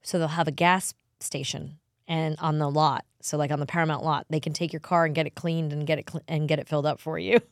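A woman's voice: deep voice, flat delivery, brisk, dry recording, clean studio sound. A middle-aged woman co-hosting a podcast in casual chat, telling stories and acting out quotes. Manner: chatty storyteller, acts out quotes. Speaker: podcast co-host.

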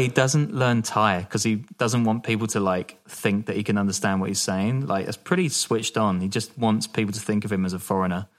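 A man's voice: lowish voice, fairly bright tone. A man hosting a podcast, telling a true-crime story in a casual, joking way and laughing often.

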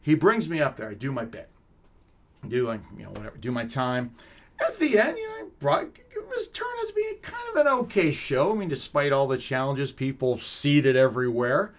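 Middle-aged man, comedic magician, guest, animated storytelling, frequent laughs. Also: mid-range voice, normal speed. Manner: animated anecdotes, laughs often. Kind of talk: casual storytelling in an interview.

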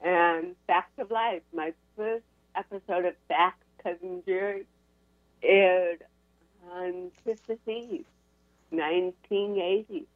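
A woman's voice: lowish voice, slow, no echo. American woman in her sixties on a phone line. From United States. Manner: animated, laughs between sentences. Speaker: guest, actress and comedian. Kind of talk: storytelling in a radio interview. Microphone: telephone. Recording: tinny dry phone line.

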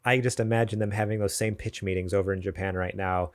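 A man's voice: deep voice, fairly even intonation, quick pace, no room sound. A young man hosting a casual podcast chat, laughing often and repeating words as he thinks.

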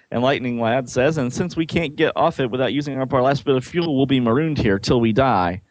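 A man's voice: medium pitch, normal speed, dry recording. A man casually reading comic-book dialogue aloud, adding joking asides and laughing often.

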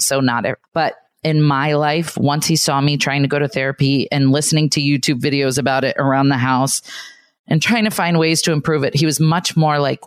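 A woman's voice: rumbling low, no echo, studio quality. A woman guest talking candidly and earnestly about her own anxiety and marriage. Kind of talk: candid conversation.

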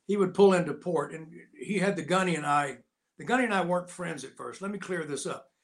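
An older man spins a lively anecdote as a guest, and his voice sits a touch high for a man. He jumps into the voices of the people in his story as he goes. The talk is loose and conversational. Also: brisk. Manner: lively anecdotal, acts out quotes. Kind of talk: casual storytelling.

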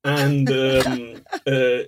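Male guest telling lively stories. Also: medium pitch, very slow, background noise. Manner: animated raconteur, chuckles as he talks. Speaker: guest, journalist. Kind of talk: casual storytelling interview.

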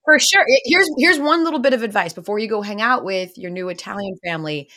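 A woman's voice: mid-range voice, fast talker, bright, forceful tone. A woman hosting a sports talk show, chatting casually and playfully teasing her co-host. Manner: playful teasing, acts out quoted voices.

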